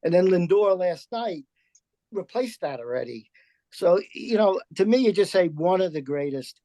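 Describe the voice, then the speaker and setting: Man in his seventies, reminiscing, rambling, fairly high pitch, dry close sound. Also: expressive, normal speed, dark tone, dry recording. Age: 70s. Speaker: audience member. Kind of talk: casual remarks on a video call.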